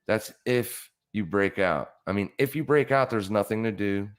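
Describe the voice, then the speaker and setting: Male host, deep voice, casual live-stream trading talk, blunt coaching manner. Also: normal speed.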